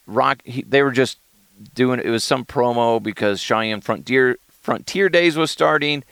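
A man's voice: mid-range voice, dry recording. A man hosting a comedy podcast, rambling and self-deprecating with profanity. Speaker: podcast host. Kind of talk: casual comedic podcast chat.

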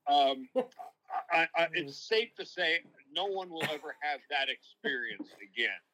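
Older New broadcaster, bright and forward, spins long reflective stories as an interview guest. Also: male voice, on the high side, lively intonation, unhurried, poor audio. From New York. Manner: long-winded, reflective storytelling. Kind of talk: casual interview, storytelling.

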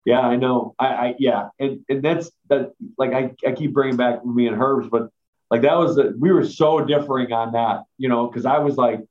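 A man's voice: mid-range voice, fairly even intonation, moderate pace. A man, a former strength coach, rambling through anecdotes in a casual chat with lots of fillers. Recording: dull lo-fi sound.

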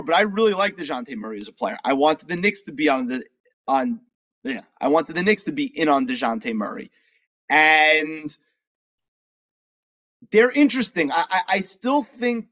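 A man with a somewhat high voice co-hosts a casual sports chat, animated and quick to fire back questions. The sound is dull and lo-fi. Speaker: podcast co-host.

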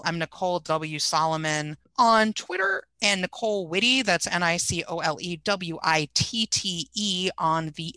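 Bright, crisp woman giving brisk plugs. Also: lowish voice, no room sound. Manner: teasing, then brisk and promotional. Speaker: podcast guest. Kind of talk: casual chat.

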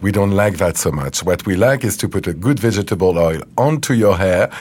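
A man with a fairly low voice and a French accent sits in as a guest hair colorist. He explains his methods patiently in halting English, a first-language French speaker thinking as he talks. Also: expressive, darkish tone, breathy edge. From France. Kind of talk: casual interview.

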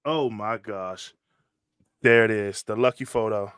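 A man hosting a casual sports talk show who tells animated stories in slangy speech and keeps saying "bro". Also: on the low side, measured pace, smooth, dry recording, studio quality. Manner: animated storytelling, slangy, says "bro" constantly. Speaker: podcast host, former college lineman. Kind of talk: casual chat.

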